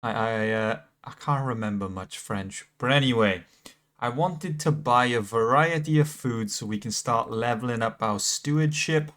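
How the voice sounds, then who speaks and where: A man's voice: medium pitch, moderate pace, a bit bright. Chatty British man streaming a game. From Britain. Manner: chatty, laughs easily, self-correcting restarts. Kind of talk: casual gameplay commentary.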